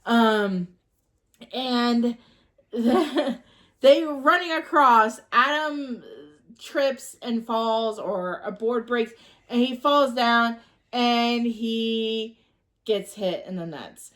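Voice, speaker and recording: A woman co-hosting a casual podcast, retelling a movie plot scene by scene. She talks slowly and halts often with ums and restarts. Her voice sits a little high. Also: a bit bright. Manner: rambling and halting, full of ums. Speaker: podcast co-host. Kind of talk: casual chat recapping a movie.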